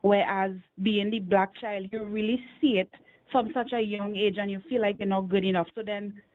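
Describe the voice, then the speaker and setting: A woman's voice: mid-range voice, fairly even intonation, moderate pace. A woman from Trinidad and Tobago, calling in to a talk show and earnestly laying out her points one by one. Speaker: caller. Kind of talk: call-in opinion over the phone. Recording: tinny phone line.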